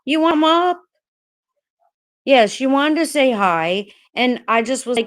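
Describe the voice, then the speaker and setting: A woman's voice: high voice, lively intonation, unhurried, pauses often. A woman hosting a casual livestream, greeting viewers by name while rambling, hesitant and upset, with many restarts and swearing. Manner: frustrated and upset. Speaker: livestream host.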